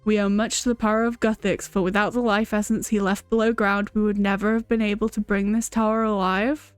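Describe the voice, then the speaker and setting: A woman's voice: mid-range voice, level tone, fairly quick, smooth, no room sound, faint music behind, lightly acted. A woman voicing a pompous, self-satisfied male alchemist, reading game dialogue aloud in a grandiose, declamatory way.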